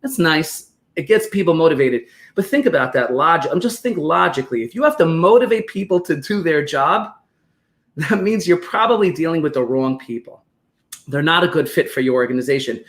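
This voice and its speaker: Man, New York accent, rapid talker, slightly high voice, animated podcast guest. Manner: animated, fast storytelling with acted-out quotes. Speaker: guest expert on business operations. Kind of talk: podcast interview, explaining with examples.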